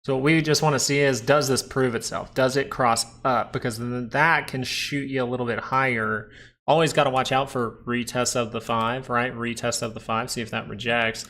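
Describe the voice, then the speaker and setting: A man's voice: mid-range voice, steady tone, normal speed, sharp tone. A man hosting a live stock market stream, chatting casually and joking with viewers between comments on the charts.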